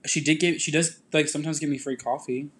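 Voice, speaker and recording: A young man co-hosting a podcast, talking loud and blunt in casual chat. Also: on the high side, fairly even intonation, fast talker, a little hiss or hum. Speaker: podcast co-host.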